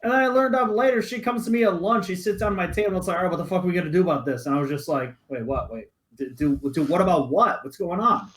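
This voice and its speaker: A man's voice: high voice, fast talker, hardly any pauses. A young man on a podcast, casually telling a story full of swearing and acted-out voices. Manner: animated, profane, acts out quoted voices. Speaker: podcast co-host.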